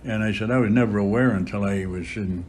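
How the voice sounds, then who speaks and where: A centenarian priest tells his memories slowly, stopping often to gather his words. His voice sits somewhat low, and a faint hiss runs behind him. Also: darkish tone. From Boston area, USA. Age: about 100. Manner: unhurried storytelling with frequent filler pauses. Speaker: priest, interview guest. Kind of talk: reminiscing in an interview.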